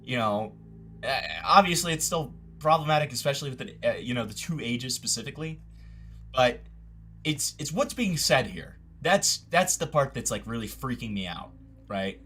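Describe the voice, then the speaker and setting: A man's voice: mid-range voice, expressive, moderate pace, fairly bright tone, soft background music. A man hosting a casual commentary chat, talking in an exasperated, stammering way. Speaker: commentary host.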